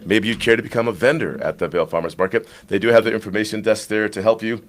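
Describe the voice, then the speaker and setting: A man's voice: fairly low pitch, fairly even intonation, fast, a little hiss or hum. A man hosting a live show, keeping upbeat host patter going with frequent fillers.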